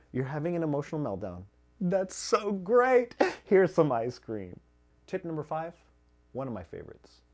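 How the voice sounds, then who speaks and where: A man's voice: medium pitch, warm tone, husky. A man hosting a parenting channel, giving scripted advice with emphatic repetition of key phrases. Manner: emphatic, repeats key phrases with rising force.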